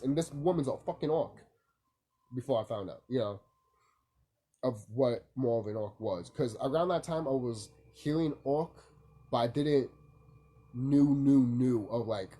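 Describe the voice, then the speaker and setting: A man's voice: medium pitch, lively intonation, moderate pace, dark tone, breathy edge. A young man vlogging from home in the early morning, sleepy and rambling, swearing casually and leaning on fillers. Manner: loose, rambling, lots of fillers and profanity.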